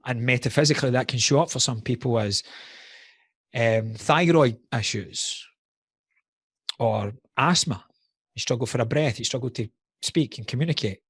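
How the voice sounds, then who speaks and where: Husky, blunt-talking man. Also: medium pitch, normal speed, pauses often, a bit bright, dry recording, studio quality. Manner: blunt, frequent swearing, candid; reflective, speaks about personal wounds. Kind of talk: casual podcast conversation.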